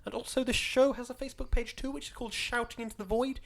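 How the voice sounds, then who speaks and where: A man's voice: very high-pitched, steady tone, creaky, fairly bright tone. A man co-hosting a casual podcast chat, enthusiastic and chatty. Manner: enthusiastic, fast, bouncy intonation. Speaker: podcast co-host.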